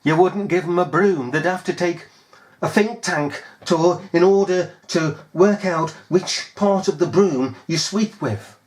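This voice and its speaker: A man's voice: high voice, measured pace. A man preaching a fiery sermon, scolding his listeners with pointed rhetorical questions.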